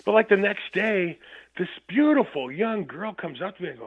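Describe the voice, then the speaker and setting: Guy phoning in, tinny thin line, bit high voice, swears a lot and laughs through his stories. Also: lively intonation, normal speed. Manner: rambling, profane, laughs often. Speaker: guest musician. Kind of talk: casual storytelling chat. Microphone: phone call.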